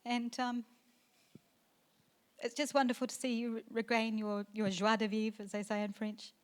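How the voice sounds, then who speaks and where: A middle-aged woman, the bride's mother, delivers a heartfelt speech into a handheld mic at an indoor wedding reception, her fairly high, smooth voice carrying a flat delivery. She halts, restarts and uses fillers, growing emotional, sometimes tearful and sometimes laughing through her words.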